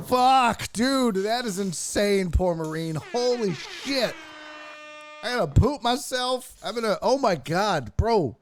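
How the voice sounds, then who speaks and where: A man's voice: sits high, a little slow, a little hiss or hum. A man hosting a casual sports stream, swearing freely and reading out thanks to viewers. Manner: profane, excitable, thanking donors. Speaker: streamer host.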